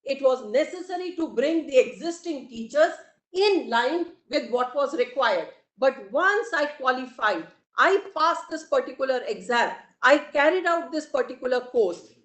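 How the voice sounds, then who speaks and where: High-voiced Indian woman advocate, formal. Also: lively intonation, fairly bright tone. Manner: formal, deliberate, addresses the bench repeatedly. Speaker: advocate arguing in court. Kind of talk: courtroom argument. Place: courtroom hearing. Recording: echoey courtroom audio.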